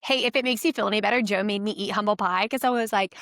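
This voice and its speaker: Woman, podcast co-host, lively chatter, self-mocking, dry close mic. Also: mid-range voice, dry recording. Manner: animated, quick anecdotes with playful self-mockery. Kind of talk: casual chat.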